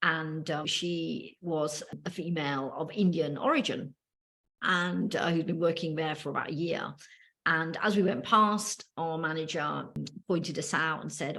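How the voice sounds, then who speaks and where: British woman telling a story, slightly low. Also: fairly even intonation, unhurried, pushed and bright. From United Kingdom. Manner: storytelling with frequent ums and restarts. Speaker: podcast co-host. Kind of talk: casual podcast conversation.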